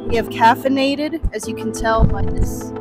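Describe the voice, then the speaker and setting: A woman's voice: fairly high pitch, moderate pace. A young woman chatting in a rambling way to her phone camera in a convention hall, with restarts and small laughs. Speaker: vlogger. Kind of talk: casual convention vlog. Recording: music playing behind the voice.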